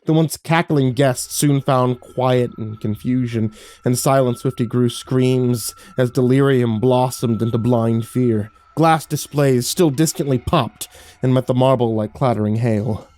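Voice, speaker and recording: A man narrating a horror story in a slow, dramatic, hushed storytelling manner, as a dry studio voice-over. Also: medium pitch.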